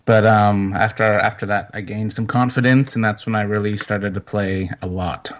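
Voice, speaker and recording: Low-voiced man on dull audio. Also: moderate pace. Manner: relaxed, hesitant with fillers. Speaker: co-host, paranormal investigator. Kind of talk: casual chat.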